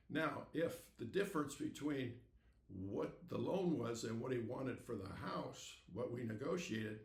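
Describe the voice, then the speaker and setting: A man in his eighties hosting a podcast, telling stories in a folksy, unhurried way and acting out the dialogue. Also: medium pitch, vocal fry, echoey room. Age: 80s. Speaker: podcast host. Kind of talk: storytelling monologue.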